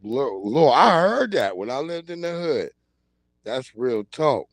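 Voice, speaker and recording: A man hosting a livestream, chatting in a casual comedic way, laughing often and acting out loud yelled quotes. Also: mid-range voice, very animated, a little slow, no room sound. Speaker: livestream host.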